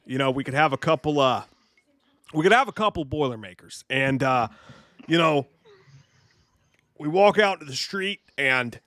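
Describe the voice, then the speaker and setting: A man's voice: a little high, fairly bright tone, no room sound, clean studio sound. A man voicing Doctor Chalice, a tipsy middle-aged doctor who rambles and meanders through a story.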